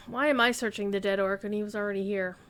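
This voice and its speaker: A woman's voice: medium pitch, moderate pace, fairly bright tone. A woman streaming a game, chatting casually and rambling as she thinks aloud. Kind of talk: casual gaming stream chat.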